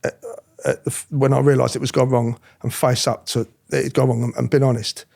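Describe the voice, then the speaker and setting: A middle-aged man telling his story in an interview, animated, acting out other people's voices, often restarting his sentences. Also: medium pitch, a little fast, gravelly. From England. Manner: animated, acts out quoted voices, frequent restarts. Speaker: interviewee, former police officer.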